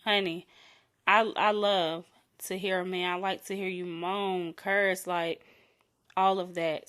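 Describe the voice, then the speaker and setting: A young adult woman with a mid-range voice hosts her own podcast, chatting solo in a frank, playful way. On intimate words she draws out and softens her voice.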